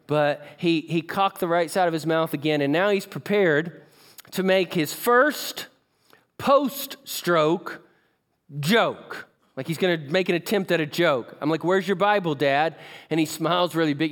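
A man's voice: on the high side, normal speed, fairly bright tone. A man preaching, telling a personal story in a conversational, emotional way and asking the audience questions. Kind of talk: sermon storytelling.

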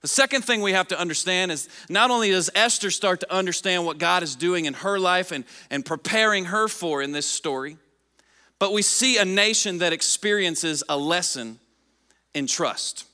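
A man preaching a sermon, reading scripture aloud and repeating key lines for emphasis, his voice dropping low at the ends of phrases. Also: normal speed, bright, forceful tone, long reverb tail. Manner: reads scripture aloud to the congregation. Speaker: pastor.

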